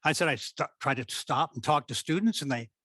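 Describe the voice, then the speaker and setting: Older Midwestern man, retired theatre director; lively raconteur who voices the people in his stories; dry close sound. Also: on the high side, fairly quick, no room sound. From American Midwest. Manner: animated storyteller who acts out quoted speech. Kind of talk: storytelling reminiscence at a talk.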